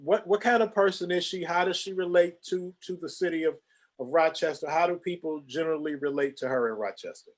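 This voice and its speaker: A man's voice: on the high side, brisk. A man hosting an interview show over a video call, often repeating words as he starts his questions. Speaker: host.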